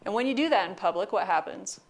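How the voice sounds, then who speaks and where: A woman giving a lecture, telling funny anecdotes with wry, deadpan asides. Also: medium pitch, quick pace. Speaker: university lecturer. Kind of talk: storytelling lecture.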